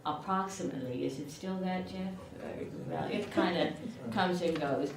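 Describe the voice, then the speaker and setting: An older woman, an award recipient with a rural southern Illinois accent, delivers a chatty, self-deprecating acceptance speech at normal speed in a slightly low voice with some vocal fry. She is recorded from a distance in an echoey room, with steady background noise underneath.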